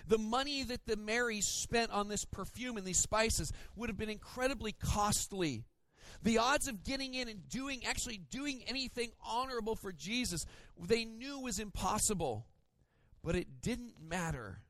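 Animated high-voiced man preaching. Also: moderate pace, no room sound. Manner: animated storytelling with playful mimicry. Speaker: pastor. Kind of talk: sermon.

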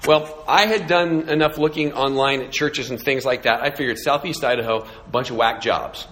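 A man's voice: mid-range voice, moderate pace, fairly bright tone. A middle-aged man from California, a pastor telling a story in a sermon with a flippant, self-mocking, sarcastic manner. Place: church sanctuary. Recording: echoey hall reverb.

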